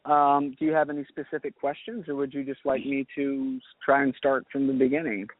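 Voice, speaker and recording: A man's voice: medium pitch, level tone, brisk, no room sound. A man from North Carolina, a guest on a radio interview, talking in a friendly, rambling way with many restarts. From North Carolina, USA. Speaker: guest, actor and musician. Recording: dry, tinny phone line.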